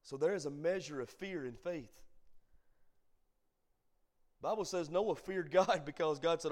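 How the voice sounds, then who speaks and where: Pastor guy preaching at bible study, bit high voice, lilt, goes quiet then really loud. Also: moderate pace, long pauses. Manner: swings from hushed asides to loud emphatic preaching. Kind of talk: sermon.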